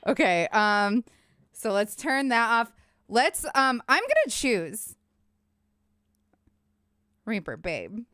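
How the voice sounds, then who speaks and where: A woman's voice: fairly high pitch, sing-song, slow pace, long pauses, fairly bright tone, clear, resonant tone, no echo, studio quality. A woman streamer chatting casually with her viewers, rambling and a little winded. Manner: chatty, rambling, talks to chat. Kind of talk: casual live-stream chat.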